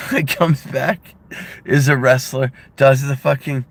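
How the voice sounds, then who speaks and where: A man in casual chat, excitable, laughing often and swearing casually. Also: medium pitch, slow, gravelly.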